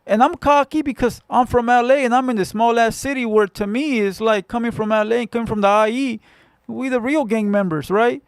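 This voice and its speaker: Blunt, gravelly-voiced man from Southern California. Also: extremely high pitch, a little fast, no room sound. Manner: blunt, profane storytelling with street slang. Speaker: livestream host. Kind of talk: casual livestream chat with viewers.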